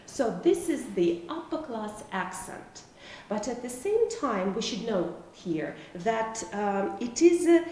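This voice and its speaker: A woman lecturer whose first language is Russian explains at an unhurried, careful pace, pausing often on fillers. Her fairly high voice moves through a lively pitch range. She sounds distant from the microphone, in a strongly echoing room with faint background noise. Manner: slow, careful explaining with frequent hesitations. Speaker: university lecturer. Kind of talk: video lecture.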